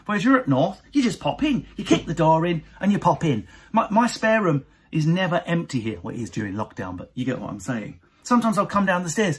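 A man from Essex doing an animated stand-up routine to camera, often jumping into high mocking voices of other people. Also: a little fast, hardly any pauses, husky. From Essex, England. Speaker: stand-up comedian.

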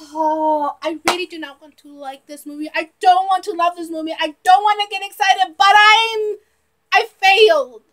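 A young woman reacting to a movie trailer in a giggly, excitable way, bursting into shouts of delight. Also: very high voice, normal speed.

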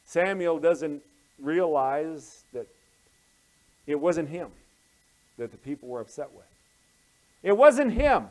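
Man, pastor, evening sermon, fairly high voice, storytelling, loud build-ups then quiet asides, repeats key phrases. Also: slow, long pauses, poor audio. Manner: swings between loud emphatic build-ups and soft, low asides.

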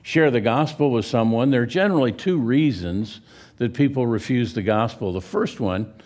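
A man with a Texan accent preaching a sermon in a church, telling stories in a folksy way and pausing to restart his phrases. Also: medium pitch, expressive, darkish tone. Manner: folksy storyteller, pauses and restarts. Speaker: pastor. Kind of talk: sermon with a story. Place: church sanctuary.

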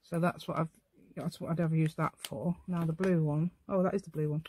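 A tired, middle-aged English woman hosts a casual crafting tutorial from home, chatting and rambling to herself as she works. Her voice is low-pitched, darkish, and steady in tone, and she speaks briskly. A little background noise can be heard.

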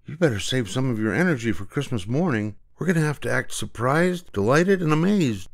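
An older man voicing a calm, practical young girl who is a little bossy. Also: medium pitch, a little fast, gravelly, voice pushed up. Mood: matter-of-fact. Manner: calm, matter-of-fact, a bit bossy.

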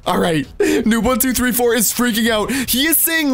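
A man narrating Minecraft gameplay with excited, exclamatory commentary, talking straight to his viewers. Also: high voice, normal speed, soft background music. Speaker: Minecraft gaming YouTuber.

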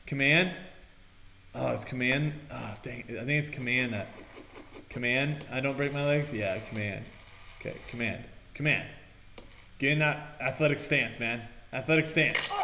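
A young man hosting a let's-play video, excitable and breaking into shouts while he plays. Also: medium pitch, unhurried, pauses often, roomy sound, slight background noise. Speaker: gaming video host.

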